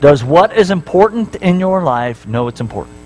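High-voiced preacher telling animated stories. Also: male voice, moderate pace, slight background noise, poor audio. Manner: animated storytelling, acting out voices with big swings in pitch; talks straight to the congregation with repeated questions. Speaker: pastor. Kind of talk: sermon. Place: church sanctuary.

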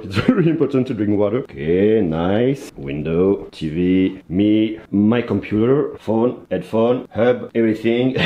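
A French man with a French accent, a tech vlogger chatting casually in halting English from a hotel room and a rainy street, laughing often. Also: medium pitch, mellow, a little hiss or hum. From France. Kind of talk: casual travel and tech vlog.

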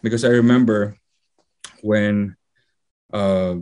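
A man delivers a sermon in a fairly low voice. He speaks conversationally, weaving personal stories into his teaching and leaning on fillers as he goes. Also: steady tone, slow, a little mellow. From Philippines. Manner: conversational, anecdotal preaching with fillers. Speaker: preacher.

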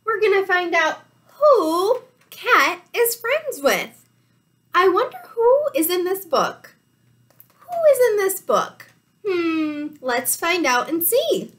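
A woman teacher reading a picture book aloud to young children, animated and full of gasps. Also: extremely high pitch, takes it slowly.

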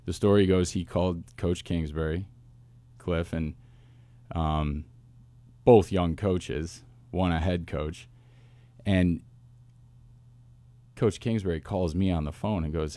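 A man, a football coach, telling stories in a casual interview with lively asides and restarts. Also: low-pitched, no room sound. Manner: animated storyteller, quick asides and restarts. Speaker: wide receivers coach, guest.

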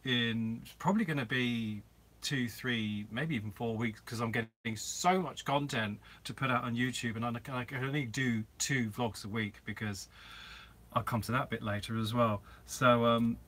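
Bright, easygoing man hosting a live stream from his camper van, chatty and rambling, greeting viewers as he goes. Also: mid-range voice, moderate pace. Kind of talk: casual live-stream chat.

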